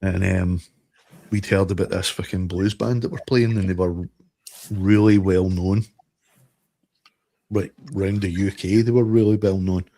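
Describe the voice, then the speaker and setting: A man's voice: deep voice, steady tone, measured pace, pauses often, mellow, no room sound, poor audio. A middle-aged man from Scotland telling sweary stories in casual podcast chat, laughing often. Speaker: podcast co-host.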